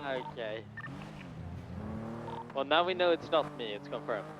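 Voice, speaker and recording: A man's voice: medium pitch, expressive, a little slow. A man playing a police officer in a role-play game, reading out radio codes and directions with dry jokes. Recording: dull audio with loud game traffic.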